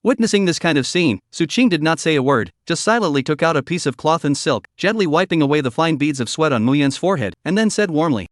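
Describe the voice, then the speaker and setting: A synthetic male narrator, reading a story recap in an even, machine-like way. His pitch sits a bit high for a man, and the sound is dry and close, with no room echo. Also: fast, hardly any pauses.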